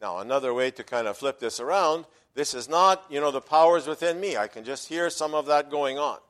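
In this sermon, a pastor speaks in a man's voice that sits a bit high. He preaches with emphasis and lively intonation at a slightly fast pace, turning quiet for side remarks and loud as he quotes verses.

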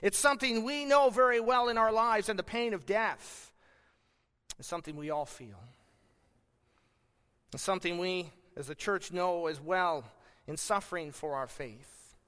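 A man preaching a sermon as pastor, earnest and emphatic, with slow deliberate pauses. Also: sits high, a bit bright, clean tone, big-room sound.

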